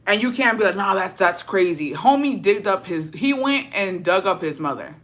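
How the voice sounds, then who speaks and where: A woman's voice: mid-range voice, expressive, normal speed, a bit bright. A woman streamer in casual chat with viewers, telling a story in slang full of swearing and laughter, dropping in words.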